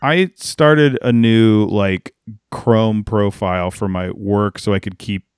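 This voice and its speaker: A man's voice: lowish voice, slow pace, clean tone, dry recording. Rambling podcast co-host man, dry sound. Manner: rambling, full of "like" and restarts. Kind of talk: casual chat.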